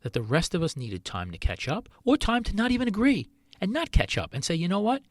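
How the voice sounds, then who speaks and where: A man's voice: a little high, huge pitch swings, fairly quick, no echo. A middle-aged man, a chef hosting his own podcast, talking earnestly in a solo monologue full of rhetorical questions.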